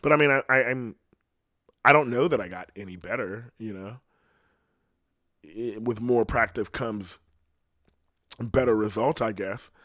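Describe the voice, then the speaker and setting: A man's voice: medium pitch, no echo, studio quality. A man with a slight lisp, hosting his own podcast in a casual, rambling solo monologue full of swearing. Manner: profane, rambling rant. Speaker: podcast host.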